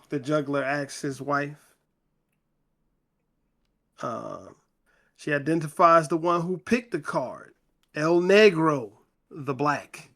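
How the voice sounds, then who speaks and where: Slow-talking man retelling a novel. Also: fairly high pitch, a bit bright. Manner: slow, conversational retelling with quoted dialogue read in plain voice. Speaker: book club podcast host. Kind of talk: reading and retelling a novel in casual chat.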